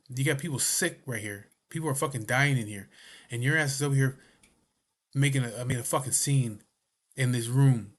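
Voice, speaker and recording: A man's voice: mid-range voice, moderate pace. A man telling a personal story to camera in a casual, blunt way, swearing often and asking "you know what I mean". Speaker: vlogger.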